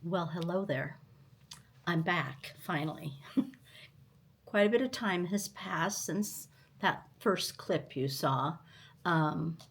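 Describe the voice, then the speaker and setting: An older woman chats to her vlog audience from home in a low, unhurried voice. She is tired and still recovering from illness. Her talk rambles casually from one thing to the next. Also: lively intonation, slight background noise. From United States. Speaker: stitching channel host.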